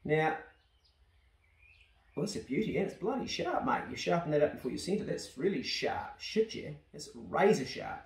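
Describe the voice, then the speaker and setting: A man with a New Zealand accent chatting casually as he opens fan mail, rough-spoken and blunt, swearing freely. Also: on the high side, very animated, moderate pace, echoey room, rough recording. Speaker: YouTuber opening fan mail. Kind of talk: casual chat. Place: house truck on a rainy day.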